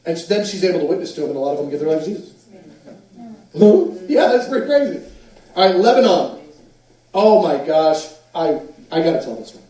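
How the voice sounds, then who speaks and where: A man with a fairly high voice preaches with animated storytelling. He is picked up from a distance in a very echoey hall. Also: a little fast, soft background music. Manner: animated storyteller, acts out quotes. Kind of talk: sermon storytelling.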